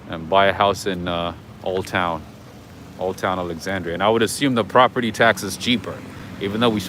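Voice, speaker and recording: The man's voice is lowish and fairly bright, with a little hiss or hum. He's a livestream host giving a relaxed outdoor walking tour of an old-town street at night, chatting with viewers and replying to comments as jazz drifts in from nearby.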